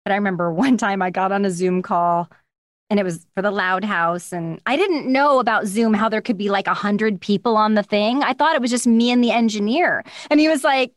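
A woman chatting as a guest in an interview, recorded from her home studio, telling animated stories and acting out the voices of the people she quotes. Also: medium pitch, brisk, dry recording. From United States. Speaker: guest voice actor. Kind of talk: casual interview chat. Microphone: studio microphone.

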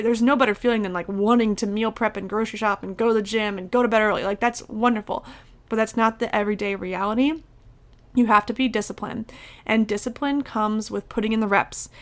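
A young woman with a fairly high voice gives blunt, emphatic coaching advice about eating and habits. She talks in a casual, motivational way and swears now and then. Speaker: nutrition coach. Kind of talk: motivational talk to camera or podcast.

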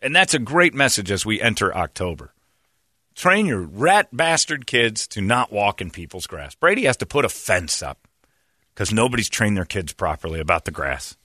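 Bright-toned man riffing and laughing. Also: fairly low pitch, no echo, clean studio sound. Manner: rambling, joking, laughs often. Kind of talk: casual chat.

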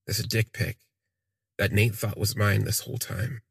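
A man telling a personal story in the first person, in a halting, reflective way that trails off and restarts. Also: fairly low pitch, steady tone, creaky, breathy edge, no echo, studio quality. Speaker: podcast storyteller.

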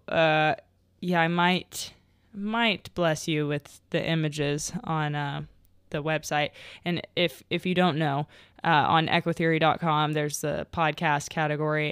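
A woman's voice: low voice, smooth, dry recording, studio quality. A young adult woman hosting a podcast alone, telling stories in a rambling, casual way, full of fillers and frequent laughs. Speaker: podcast host. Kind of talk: casual solo podcast chat.

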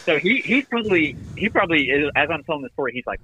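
A man casually telling a long, animated golf story on a podcast, often laughing and acting out what people said. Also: mid-range voice, a little fast, hardly any pauses, husky, rough recording. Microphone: phoned in.

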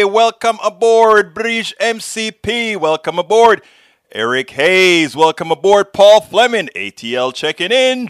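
Man, Texan accent, political talk-show host, animated and folksy, lecturing, slightly high voice, dry close sound. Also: smooth, no echo. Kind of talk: live political talk show reading chat.

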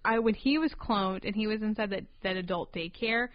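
A woman's voice: mid-range voice, fairly quick. A woman co-hosting a podcast, chatting in a silly, playful way with rambling asides. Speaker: podcast co-host. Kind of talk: casual chat. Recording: dull lo-fi podcast recording.

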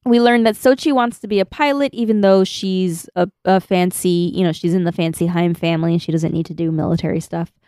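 A woman's voice: fairly low pitch, steady tone, a little fast, few pauses, mellow, clean tone, no room sound, studio quality. A woman co-hosting a podcast, chatting casually and laughing as she reads out her notes. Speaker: podcast co-host. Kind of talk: casual chat recapping an anime.

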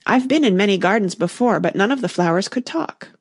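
A woman's voice: medium pitch, lively intonation, fairly quick, no room sound, clean studio sound. Alice, an earnest curious girl, read by a woman. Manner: earnest, questioning. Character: curious polite young girl.

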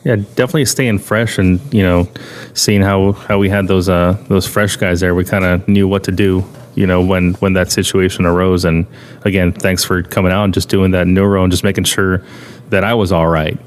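A man hosting, chatting in a relaxed way with lots of fillers. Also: low-pitched, fairly quick. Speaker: podcast host. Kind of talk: casual chat.

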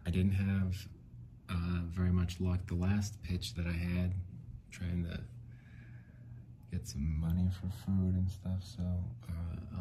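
Deep-voiced man ranting on a podcast. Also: level tone, slow, long pauses, warm tone, slight background noise. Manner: rambling, frustrated, swears often. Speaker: podcast host. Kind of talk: casual solo podcast rant.

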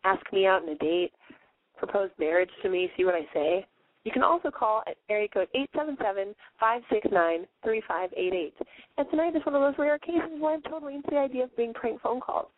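A woman with a hoarse voice hosting a call-in radio show, chatting in a brash, profane and playful way. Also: mid-range voice, brisk, no echo. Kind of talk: casual call-in radio chat. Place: bedroom, on the floor. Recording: dry, phone-like narrow sound.

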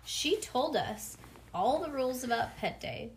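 A woman's voice: sits high, unhurried, a little hiss or hum. Woman reading a storybook aloud, playful. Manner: expressive, playful, chats between passages. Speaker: parent reading aloud to a child. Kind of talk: reading a children's book aloud.

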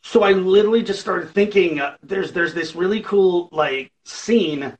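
Rambling musician man, slightly high voice. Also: moderate pace, low-quality recording. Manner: rambling, full of fillers and acted-out quotes. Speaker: musician guest. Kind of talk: casual interview chat.

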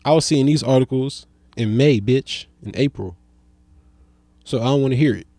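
A young adult man delivers a stand-up comedy monologue at a moderate pace, profane, loose and rambling. He swings between loud outbursts and low mutters, and the recording is dry.

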